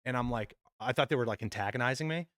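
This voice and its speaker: A young man on a podcast, telling a wild story in a loose, animated way, full of "dude" and "like," and swearing freely. His voice sits mid-pitch and sounds dry, close to the mic. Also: fast, dry recording. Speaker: podcast co-host. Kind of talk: casual storytelling chat.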